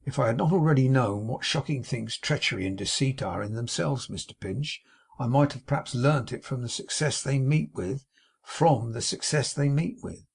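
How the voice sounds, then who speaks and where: A man with a gravelly, husky voice playing a prim, affected young woman who is jealous and spiteful, in an audiobook reading. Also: mid-range voice, normal speed. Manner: affected, simpering, sharp, huffy.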